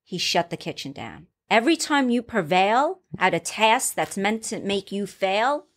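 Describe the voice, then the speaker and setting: A middle-aged woman chef recounts her kitchen days in a relaxed interview. She talks animatedly and slips into quoted lines as she goes. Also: mid-range voice, a little slow. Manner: animated, acts out a shouting boss in quoted bursts. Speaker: chef, former cooking-show contestant. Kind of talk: casual interview storytelling.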